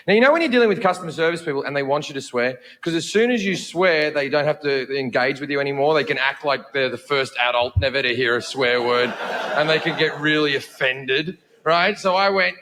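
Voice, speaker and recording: A man's voice: a little high, fairly quick. A man telling a comic anecdote with swearing, acting out the people in it. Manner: animated, swearing, mimics voices. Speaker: storyteller. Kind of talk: comic anecdote with acted quotes.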